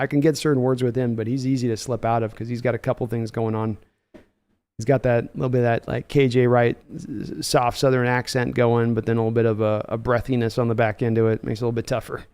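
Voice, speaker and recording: A man's voice: mid-range voice, darkish tone. A man hosting a casual live-stream podcast, reading viewer comments aloud and answering them offhand. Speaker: podcast host.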